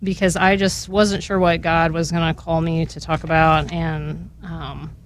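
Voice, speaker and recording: A woman guest on a radio show, slowly and earnestly reading a long prayer aloud, her voice at times catching with emotion. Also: sits low, little pitch movement, slight background noise. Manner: slow, earnest recitation.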